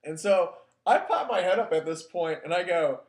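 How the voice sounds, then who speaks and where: Expressive and a little mellow, this man's voice sits high and moves at normal speed. Chatting casually like a show host, he shares a story from his life in a loose, wry, self-deprecating way full of fillers, with an echoey room sound.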